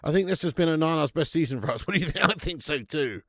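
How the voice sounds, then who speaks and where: A gravelly-voiced man hosts a live football watch-along, trading banter with his chat and slipping into quick match commentary. He laughs often and talks in a loose, chatty way. The sound is dry and close to the mic. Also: fairly high pitch, animated, a bit bright, no room sound. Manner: chatty, banter-heavy, laughs a lot, greets chat by name.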